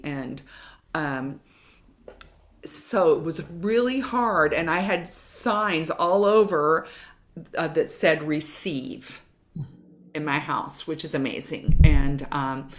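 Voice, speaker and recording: A middle-aged woman from Kentucky speaks in a low voice as a guest in a casual chat. She tells stories in a chatty way, often starting her sentences over. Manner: chatty storyteller with many restarts. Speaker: guest, jazz vocalist.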